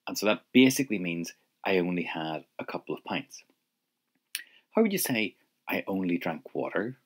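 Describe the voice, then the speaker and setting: A man's voice: low-pitched, lively intonation, moderate pace, husky. A man teaching an audio language lesson, patiently prompting the listener to answer.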